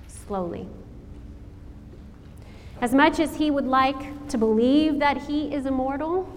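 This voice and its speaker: A woman preacher giving a sermon, telling the story in a slow, dramatic way with rhetorical questions. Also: high voice, slight background noise. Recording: long hall reverb, faint ambience.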